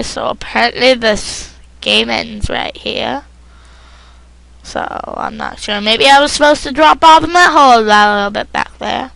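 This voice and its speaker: A woman's voice: a little high, measured pace, vocal fry, fairly bright tone, no room sound, poor audio. A woman giving crude, rambling, goofy commentary while playing a video game. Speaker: gamer. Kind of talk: casual let's play commentary.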